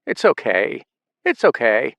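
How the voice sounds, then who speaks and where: A man's voice: mid-range voice, huge pitch swings, measured pace, creaky, a bit bright, no echo, full character voice. A man voicing a stern, protective mother of grown sons who speaks firmly and reassuringly. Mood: firm reassurance. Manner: firm, reassuring.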